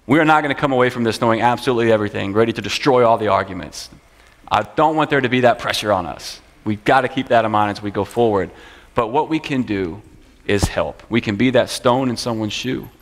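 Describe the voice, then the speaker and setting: A man teaching a church class, speaking in an earnest, conversational way and often repeating phrases. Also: lowish voice. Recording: long church hall reverb.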